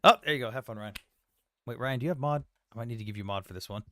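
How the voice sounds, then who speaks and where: A man's voice: mid-range voice, racing, fairly bright tone, no echo, clean studio sound. Blunt, swearing man hosting a live debate. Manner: blunt, swears freely, jokey. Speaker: livestream debate host. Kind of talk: casual debate chat.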